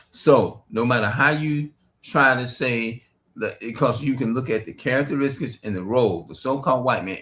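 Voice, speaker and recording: A man's voice: fairly low pitch, fairly bright tone. Rambling, cursing man preaching. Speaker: street preacher. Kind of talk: streamed religious monologue.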